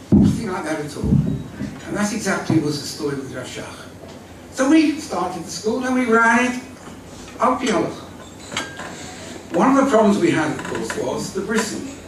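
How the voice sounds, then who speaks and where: An older man tells a story to a gathered audience, his high voice rising and falling in lively swings. He sounds distant and echoes strongly off a large hall, with a faint murmur of room sound behind him. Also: background noise. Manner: vivid storytelling with acted-out quotes, lively. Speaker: speaker at a community evening, former school leader. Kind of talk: storytelling talk. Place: large hall at an evening event.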